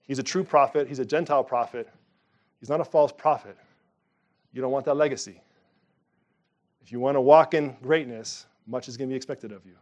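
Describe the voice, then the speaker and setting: A middle-aged man preaching a sermon from the pulpit, emphatic and animated, with sudden loud rises. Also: medium pitch, brisk, pauses often. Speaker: pastor.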